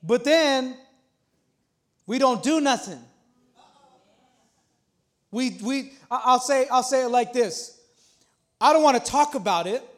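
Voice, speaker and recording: High-voiced man preaching in his thirties. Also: expressive, takes it slowly, long pauses. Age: 30s. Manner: casual, repeats himself, builds to emphatic points. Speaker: pastor. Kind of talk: conversational sermon. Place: small church.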